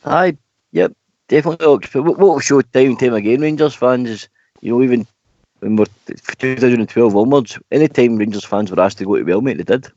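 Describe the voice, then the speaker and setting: A man's voice: medium pitch, quick pace, dark tone, no room sound. A man calling into a radio show, giving strong opinions and saying mate often. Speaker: caller. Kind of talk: casual radio phone-in chat. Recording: dry lo-fi phone-in audio.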